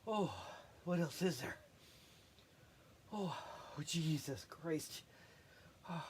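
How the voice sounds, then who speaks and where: A person rambling through a self-recorded monologue, halting and often breaking into laughter while catching their breath. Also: medium pitch, lively intonation, slight background noise.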